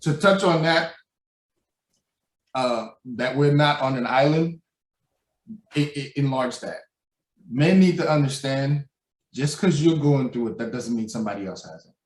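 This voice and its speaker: Animated man in an echoey room. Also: medium pitch, unhurried, pauses often, distant mic. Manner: animated, acts out quoted voices, laughs loudly. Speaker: podcast co-host. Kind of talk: casual podcast chat. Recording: echoey room, voice a bit off mic.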